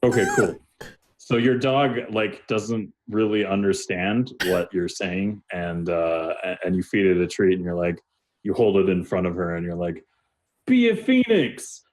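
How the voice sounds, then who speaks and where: A man's voice: low-pitched, steady tone, moderate pace. A man narrating as game master, loose and full of uhs and likes. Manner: loose, filler-heavy narration.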